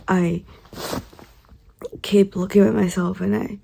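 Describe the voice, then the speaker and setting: A woman in her twenties talking casually to camera for a vlog, soft-spoken and slipping into whispers. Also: medium pitch, fairly even intonation, measured pace, breathy edge. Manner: soft-spoken, drifts into whispers, tearful at times. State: tearful. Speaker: vlogger.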